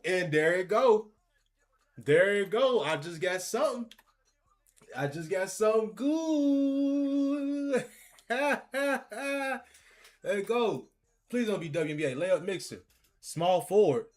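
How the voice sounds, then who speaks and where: A man giving excitable, laughing, slangy pack-opening commentary, talking to the game and cards as he goes. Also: high-pitched. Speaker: gaming video creator.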